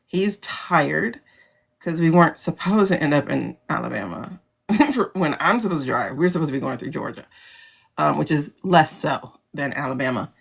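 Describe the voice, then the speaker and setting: On a phone livestream, a female host chats casually and bluntly, full of animation, frequent laughter, and free swearing. She has a deep voice with lively intonation, vocal fry, and a breathy edge, speaking at a normal speed.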